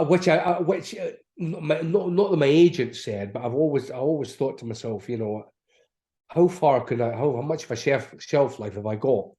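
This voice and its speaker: A man's voice: medium pitch, darkish tone. Chatty man telling stories. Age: middle-aged. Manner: chatty, laughing, acts out quoted dialogue. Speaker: actor, interview guest. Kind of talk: casual anecdotal storytelling.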